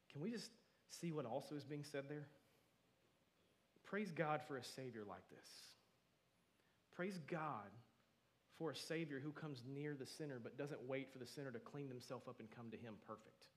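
A man preaching a sermon, moving between quiet asides and loud, emphatic declarations, often repeating words for stress. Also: medium pitch, moderate pace. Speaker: pastor.

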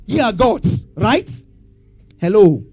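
A man's voice: sits high, sing-song, slow pace, darkish tone, husky. A man preaching a sermon, asking the congregation questions and having them answer back. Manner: call-and-response questions to congregation. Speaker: pastor.

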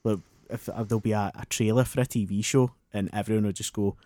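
A man's voice: on the low side, fairly even intonation, fast talker, warm tone, no echo. A Scottish man co-hosting a podcast, swearing and laughing through banter. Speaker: podcast co-host. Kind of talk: casual chat.

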